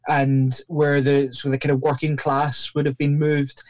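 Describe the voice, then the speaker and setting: A man's voice: on the high side, measured pace, no room sound. A man from Northern Ireland with a mixed Northern Irish and Glaswegian accent, chatting and joking as a church-planter guest on a podcast. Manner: chatty and joking, with lively shifts into mimicked accents. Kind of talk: casual podcast conversation.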